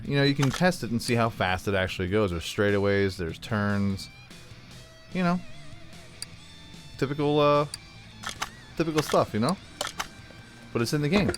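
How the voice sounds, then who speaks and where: A man hosting a gaming channel, rambling casually while he plays, his throat still recovering. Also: fairly low pitch. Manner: rambling, chatty, thinking aloud. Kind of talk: casual gameplay commentary.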